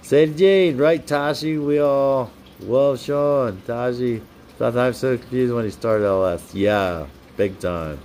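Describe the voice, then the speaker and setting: A young man hosting a casual live stream, reading out viewers' comments and names and giving them shout-outs in a chatty, upbeat way. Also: medium pitch, slow, slight background noise. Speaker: livestream host.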